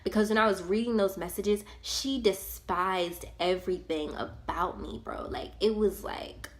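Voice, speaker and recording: A young adult woman vlogger recounting a personal story in a casual, animated, slangy way. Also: mid-range voice, unhurried. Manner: animated, slangy and conversational, with many fillers. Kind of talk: storytime vlog, casual retelling.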